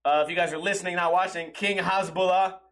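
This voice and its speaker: A young man with a high voice chatting on a comedy podcast. He is animated and profane, laughs often, and breaks into sudden shrill exclamations. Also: fast. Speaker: podcast co-host. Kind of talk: casual comedic chat.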